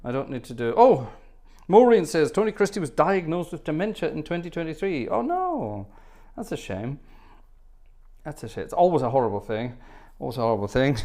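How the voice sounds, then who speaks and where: A man's voice: a little high, big pitch swings, brisk, warm tone. A man from Scotland, hosting an organ livestream, chatting casually and telling anecdotes while reading viewer comments.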